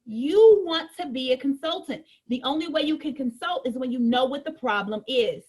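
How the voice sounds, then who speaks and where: High-voiced, chatty female sales trainer. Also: moderate pace, slightly rough. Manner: lively, conversational, addresses listeners directly.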